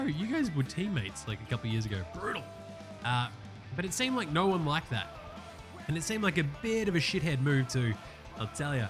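A man, recapping basketball games in a loose, profane, excitable way, often putting on mocking voices. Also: fairly high pitch. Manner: excitable, swears constantly, does mocking voices. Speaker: sports podcast host.

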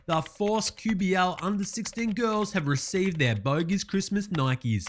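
A man's voice: high voice, lively intonation, measured pace, a little hiss or hum. A man doing an Australian accent and playing a brash, foul-mouthed sports bloke in a sarcastic comedy parody monologue. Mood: ranting. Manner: swears constantly, sarcastic, says mate a lot.

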